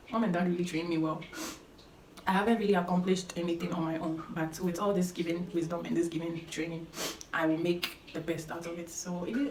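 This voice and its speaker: Her voice lowish and darkish, a young woman vlogs to camera with earnest, emphatic life advice, restating her key points. Faint background noise and a roomy echo surround her.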